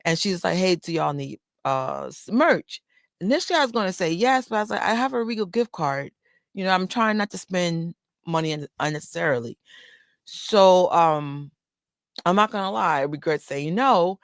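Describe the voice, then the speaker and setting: Chatty woman vlogger, low and close. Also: lively intonation, moderate pace, dry recording. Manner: chatty, rambling storytelling with many fillers. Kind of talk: casual livestream chat. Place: indoors under a bright light.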